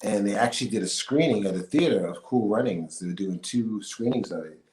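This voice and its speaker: A man's voice: on the low side, fairly quick. A middle-aged man, an actor and singer, chatting as an interview guest, telling stories with lots of fillers and laughs. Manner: animated storyteller, laughs often, many fillers. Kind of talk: casual interview chat. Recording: echoey room with faint noise.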